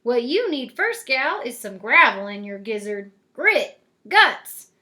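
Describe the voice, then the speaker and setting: Brisk old frontier fairy godmother, folksy drawl, high and bright, a woman putting her on. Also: sing-song, heavily acted. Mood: bossy. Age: older.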